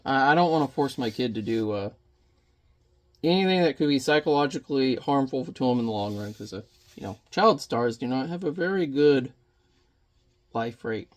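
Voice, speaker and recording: A man's voice: medium pitch, expressive, moderate pace. A man in his thirties rambling and joking with mild swearing as he chats casually while painting at home. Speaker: painting vlogger.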